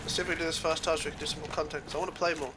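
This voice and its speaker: Co-op gamer, man, higher voice, easygoing, game noise and ambience behind. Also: steady tone, very fast. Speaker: co-op player. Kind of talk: casual co-op gaming chat.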